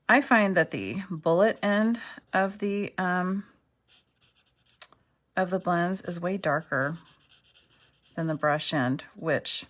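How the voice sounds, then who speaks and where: A woman's voice: lowish voice, a bit bright. A middle-aged woman teaching a card-making craft tutorial, chatty and self-deprecating, often checking in with "okay". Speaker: craft instructor.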